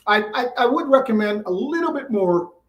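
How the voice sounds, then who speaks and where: A man's voice: very high-pitched, lively intonation, normal speed. A man co-hosting a casual livestream Q&A as an exam tutor, giving brief, agreeable replies. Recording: echoey, distant mic.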